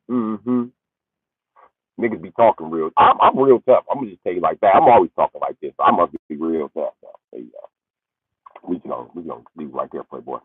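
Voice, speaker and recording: Husky man ranting over tinny audio. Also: no echo. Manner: swings between high yelling and low muttering. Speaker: livestream comedian. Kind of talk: profane comedic rant.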